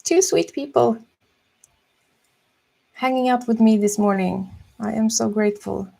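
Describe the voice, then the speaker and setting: Woman streamer chatting while drawing, very gravelly, mellow low-key tone, unhurried. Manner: soft-spoken, slow and musing. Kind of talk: casual chat while drawing.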